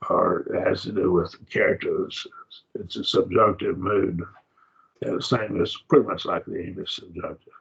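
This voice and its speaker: Raspy low-voiced guy teaching a bible class, kinda halting, lots of uh's, muffled sound. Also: fairly bright tone. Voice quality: gravelly and husky. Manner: halting, repeats words, uses fillers and "see?". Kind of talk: informal classroom lecture. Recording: dull lo-fi classroom recording.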